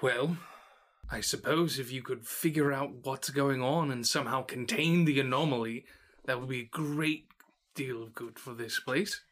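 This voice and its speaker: A man's voice: mid-range voice, moderate pace, fairly bright tone, lightly acted. A man voicing a wary, tall quartermaster. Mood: guarded.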